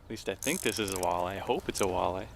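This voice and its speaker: A man hosting a fishing show from his boat outdoors, narrating with excitable, folksy exclamations. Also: low-pitched, fast talker, gravelly, heavy background noise. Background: background music.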